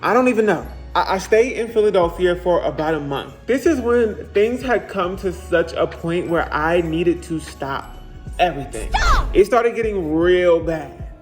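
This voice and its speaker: Chatty and playful, this young vlogger laughs through his asides while walking around and eating, outdoors in a city park and in a car. His fairly high voice has lively intonation at a normal speed, and soft music plays in the background.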